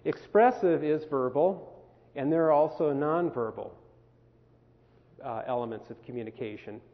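A man's voice: fairly high pitch, moderate pace. A man presenting a workshop on communication to a camp group, talking conversationally and asking the group questions. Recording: phone-quality recording in a reverberant hall.

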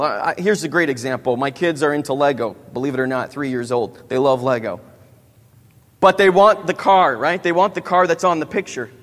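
A man in his thirties preaching a sermon, asking the audience questions and tagging many lines with "right?". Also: a little high. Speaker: youth pastor. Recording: long hall reverb.

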